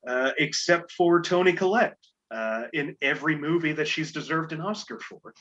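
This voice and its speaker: A man's voice: fairly high pitch, normal speed, fairly bright tone, highs cut off. A man hosting a casual podcast game show, reading clues aloud with playful asides and chuckles.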